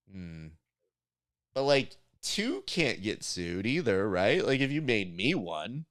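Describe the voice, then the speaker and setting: A man hosting a casual podcast chat, animated and jokey, often slipping into mock voices for his stories. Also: fairly low pitch, measured pace, no room sound, clean studio sound. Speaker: podcast host.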